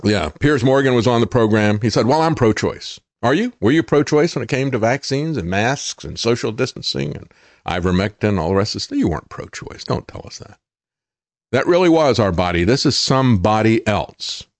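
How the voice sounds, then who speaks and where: A man's voice: mid-range voice, expressive, moderate pace, no room sound. A middle-aged man hosting a political talk show, speaking indignantly and sarcastically with many fillers and restarts. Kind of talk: opinionated commentary monologue.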